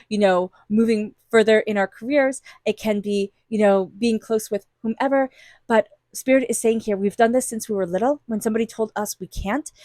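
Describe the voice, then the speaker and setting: A woman's voice: fairly high pitch, darkish tone, dry recording, studio quality. A woman giving an intuitive tarot reading, talking straight to the listener in an earnest, encouraging way. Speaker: tarot reader.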